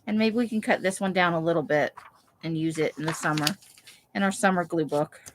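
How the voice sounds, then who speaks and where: Cutting pictures out of magazines in her Las Vegas home craft room, a woman hosts a live craft session, chatting and thinking aloud. Her voice is lowish and a little fast, with background noise present.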